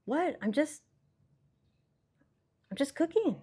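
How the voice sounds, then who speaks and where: A woman's voice: high voice, big pitch swings, slow pace, warm tone, no room sound. A young adult woman hosting a casual cooking vlog, chatty and playful as she demonstrates outdoors. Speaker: host. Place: outdoors at a cabin.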